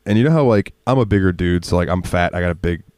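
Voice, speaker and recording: Man, very low voice, dry close mic; rambling, profane podcast storyteller who laughs often. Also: fast, darkish tone, no echo. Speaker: podcast co-host. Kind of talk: casual storytelling chat.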